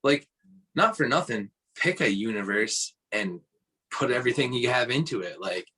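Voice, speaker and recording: A man's voice: mid-range voice, expressive, normal speed, sharp tone, slightly rough, poor audio. A man who is a podcast guest, chatting casually, asking questions and laughing easily. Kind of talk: casual chat.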